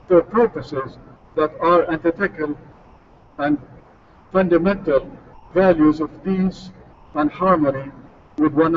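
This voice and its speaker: Man with a fairly high voice, formal and solemn church statement, muffled distant sound. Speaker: church advocate reading a statement. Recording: distant dull recording with faint noise.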